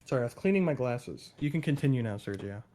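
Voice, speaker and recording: A man in casual chat, excitedly explaining game lore, swearing and going on tangents. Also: medium pitch, quick pace.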